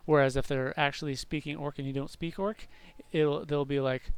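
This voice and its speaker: A man's voice: a little high, steady tone, brisk, hardly any pauses, smooth, no echo. A man rambling through gameplay commentary, talking to himself, mocking his own mistakes and swearing at the game. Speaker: game streamer.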